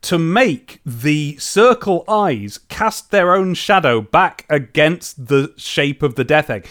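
Excitable man chatting about comics. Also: a little high, slow. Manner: enthusiastic, animated, trails off and restarts. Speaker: podcast co-host. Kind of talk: casual chat.

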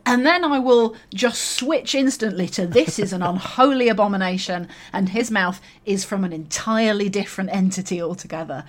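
A woman chatting on a podcast panel. She talks thoughtfully and wryly, at a middle pitch, often breaking into a laugh mid-sentence. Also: normal speed, hardly any pauses. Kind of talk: casual chat.

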